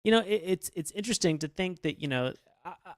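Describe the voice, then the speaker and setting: A man hosting a casual podcast, talking animatedly and bursting into loud put-on voices when quoting characters. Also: high-pitched, expressive, fast, no room sound, studio quality. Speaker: podcast host.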